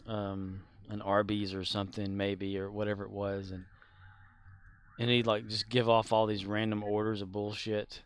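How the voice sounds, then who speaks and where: A man's voice: fairly low pitch, little pitch movement, normal speed, clear, resonant tone. A man streaming a game, chatting casually and rambling on, laughing often as he talks. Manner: rambling, talkative; laughs often while talking. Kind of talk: casual chat while gaming.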